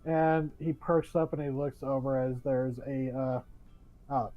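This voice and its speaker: A man's voice: mid-range voice, little pitch movement, a little slow. A man narrating as game master of a tabletop game, rambling with many fillers and restarts. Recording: dull lo-fi audio.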